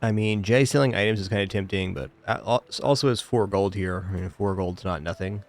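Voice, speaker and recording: A man streaming a game, giving casual commentary and weighing his choices out loud. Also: fairly low pitch, brisk. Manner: thinks aloud, weighing choices.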